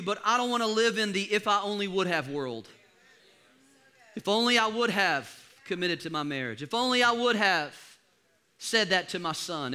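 A pastor preaching a sermon, rousing the congregation to call back and dropping to quiet, confiding asides between loud rallying lines. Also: male voice, on the high side. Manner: exhorting, call-and-response with the congregation. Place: church service.

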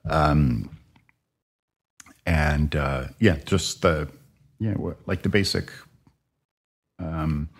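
A podcast host with a very deep, husky voice. He talks loosely, circling back with fillers and restarts as he chats. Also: drawn-out words, long pauses. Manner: rambling, many fillers and restarts. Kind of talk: casual conversation.

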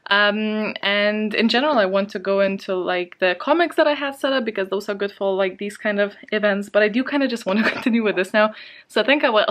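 A woman's voice: mid-range voice, brisk, fairly bright tone. A woman talks casually to her vlog camera from her bed at home, still shaken and anxious. She rambles, circles back with plenty of fillers, and lets out small nervous laughs. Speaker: book vlogger.

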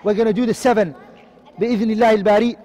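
A man teaches a tajweed lesson with a very high voice and a brisk pace. He rattles off Arabic terms, explains them in English, and keeps asking questions that he then answers himself. His voice rings with a long reverb. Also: steady tone, mellow. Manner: quizzing, asks and answers his own questions. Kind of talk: online lesson.

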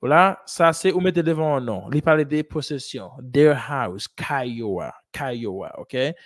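A man's voice: medium pitch, animated, normal speed, dry recording. Male English teacher, patient and repetitive, close dry sound. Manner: explains in Haitian Creole and French, repeats English sentences; asks and praises students, says "ok?" and "good job". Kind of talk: classroom teaching.

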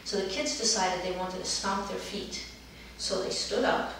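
A middle-aged woman therapist recounts a therapy session in a calm, gentle storytelling manner. Her voice sits at an ordinary pitch for a woman. It carries a heavy room echo and is heard from some distance away from the mic. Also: normal speed, slight background noise. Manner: calm, gentle storytelling, livelier when acting out children. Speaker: dance movement therapist.

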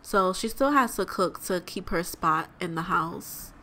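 A woman's voice: lowish voice, lively intonation, unhurried, pushed and bright. A young woman hosting a let's play, giving chatty, exclamatory gameplay commentary straight to her viewers.

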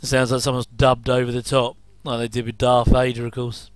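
Middle-aged man, casual watch-along commentator, smooth and close-miked. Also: mid-range voice, completely flat delivery, fairly quick, dry recording. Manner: chatty, jokey asides with chuckles. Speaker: commentary host.

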